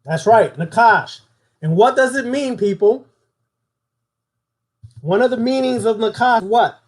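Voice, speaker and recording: A man's voice: extremely high pitch, unhurried, a little mellow. A man giving a spoken occult lesson, preaching and putting questions to his audience. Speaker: occult teacher.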